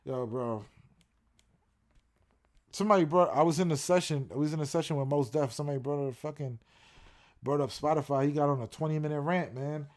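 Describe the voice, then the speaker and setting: Slightly high-pitched and brisk, this man pauses often as he rants casually on a livestream. His reactions are profane and repetitive.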